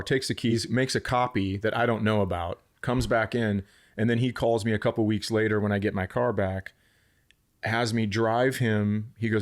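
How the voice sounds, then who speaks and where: A man's voice: lowish voice, fairly even intonation, moderate pace. A man who is a podcast guest, telling a story in a laid-back, casual way.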